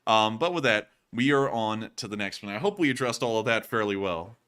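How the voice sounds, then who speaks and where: A man's voice: fairly low pitch, lively intonation, a little fast, a bit bright. A man hosting a livestream, talking in a chatty, rambling way with joking asides. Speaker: livestream host. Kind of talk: casual live commentary.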